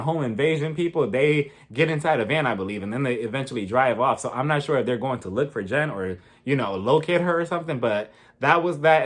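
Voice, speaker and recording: Lively man recapping a TV episode. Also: on the high side. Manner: animated storytelling, acting out others, frequent laughter. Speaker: TV episode reviewer. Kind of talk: casual recap vlog.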